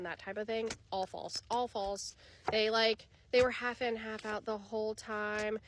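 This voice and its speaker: A woman talks through a tarot spread for an unseen viewer in a loose, chatty way, cursing without a second thought and breaking into animated asides. Her voice sits in an ordinary middle register. A light hiss of background noise runs under the recording. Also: medium pitch. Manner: casual, blunt, swears freely; animated, bursts of laughter and acted asides. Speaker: tarot reader. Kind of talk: channeled tarot reading, addressing viewer.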